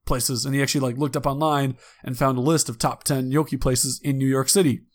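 A man's voice: medium pitch, little pitch movement, fast talker. A man co-hosting a casual chat, telling rambling stories with many fillers and restarts.

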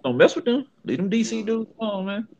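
A man's voice: high voice, lively intonation, brisk, highs cut off, crowd noise. A man hosting a podcast, telling stories in loose, joking casual chat with lots of laughter. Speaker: podcast host.

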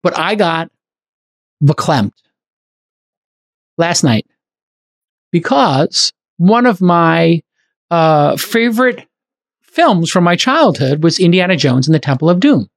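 A middle-aged man hosting a podcast in casual chat, talking quickly and enthusiastically with many "like" fillers. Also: on the high side, big pitch swings. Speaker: podcast host.

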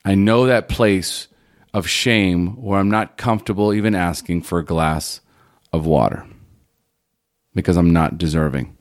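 A man hosting a podcast interview, talking in a reflective, halting way with frequent restarts. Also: sits low. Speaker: podcast host. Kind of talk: conversational interview.

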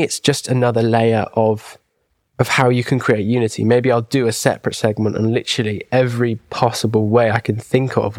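An English man co-hosts a podcast in casual chat, rambling enthusiastically with many asides and restarts. His mid-range voice is a little mellow. The recording is studio quality with no echo.

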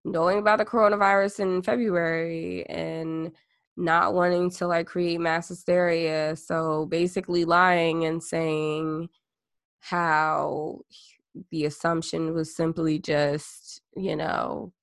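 A woman's voice: lowish voice, little pitch movement, takes it slowly, creaky, no echo, clean studio sound. A woman co-hosting a podcast in casual chat, with a blunt, profane style and frequent laughter. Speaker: podcast co-host.

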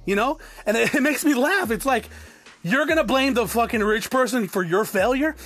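A podcast host with a very high, fairly bright voice delivers a profane ranting monologue at a moderate pace. He is blunt, swears constantly, and stammers, repeating words when he gets worked up.

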